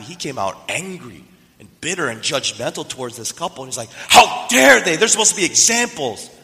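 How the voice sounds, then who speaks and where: A pastor giving a sermon, telling a story and asking the listeners questions. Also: male voice, medium pitch, fairly bright tone. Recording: reverberant hall.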